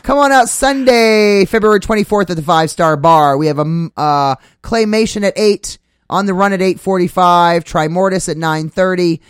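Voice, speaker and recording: A man's voice: high voice, moderate pace, clear, resonant tone, no room sound, clean studio sound. A man hosting a casual talk radio show, rambling with many fillers as he reads out upcoming gig listings.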